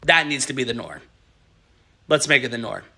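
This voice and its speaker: A man speaking an earnest, measured opinion monologue to camera, appealing for common ground. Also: mid-range voice, sing-song, pushed and bright. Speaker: commentator.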